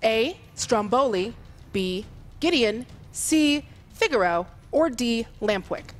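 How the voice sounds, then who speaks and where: Female quiz co-host, soft and calm, measured reads, high expressive voice. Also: soft background music. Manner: measured, deliberate question reading. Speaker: trivia show co-host reading questions. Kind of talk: reading trivia questions and countdowns.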